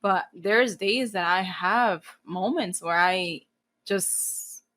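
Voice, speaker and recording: A woman in her late thirties speaks with a bright, forceful edge, blunt and unfiltered, swearing freely and dropping in Spanish phrases. She is from New Jersey and is a guest in a casual podcast interview. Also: medium pitch, slow. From New Jersey, USA. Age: 30s. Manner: blunt, profane and animated. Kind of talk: casual candid interview talk.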